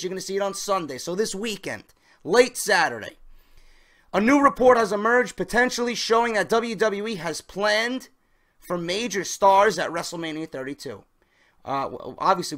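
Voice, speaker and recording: A man's voice: high voice, fairly bright tone. A man reading wrestling news and giving his opinions in a casual, emphatic way, stressing key words and talking straight to his viewers.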